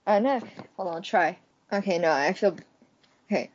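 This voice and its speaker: A woman's voice: lowish voice, normal speed, a little mellow, a little hiss or hum. A young woman co-hosting a casual podcast, giggly and self-mocking while she tries out voice impressions. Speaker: podcast co-host. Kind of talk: casual chat, trying voice impressions. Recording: dull lo-fi home mic, dry.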